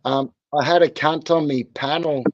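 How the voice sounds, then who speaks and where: A man's voice: on the high side, steady tone, moderate pace, no room sound, muffled recording. A man in casual online chat, blunt and swearing freely.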